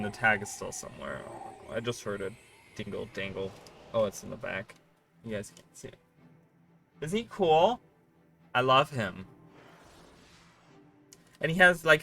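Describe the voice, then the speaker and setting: A man with a mid-range voice streams live, chatting casually with his viewers in a rambling, excitable way and swearing freely.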